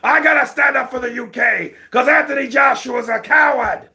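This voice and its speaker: A man playing a brash heavyweight boxer who yells his taunts at a rival, his voice pushed up high and sharp. Every line comes out as a shout, loud and cutting. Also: moderate pace, exaggerated voice. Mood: taunting. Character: loud trash-talking male heavyweight boxer.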